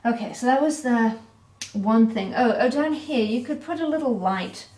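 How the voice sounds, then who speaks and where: A woman giving a relaxed, chatty painting critique as an art teacher, correcting herself as she goes. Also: a little high, moderate pace. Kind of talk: painting critique, talking while pointing. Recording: echoey room.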